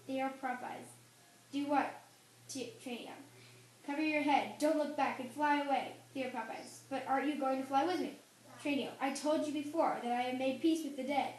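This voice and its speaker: Brief: high-pitched female student reader, dramatic script reading, echoey room. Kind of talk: reading a play script aloud, all parts. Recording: echoey room, faint noise.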